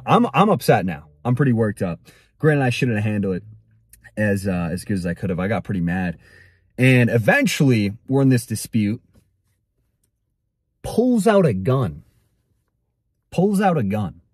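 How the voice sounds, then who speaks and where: A man's voice: fairly low pitch, a little mellow, breathy edge, no room sound, studio quality. A young man delivering a blunt, slangy motivational monologue and telling a story straight to the viewer. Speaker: motivational content creator.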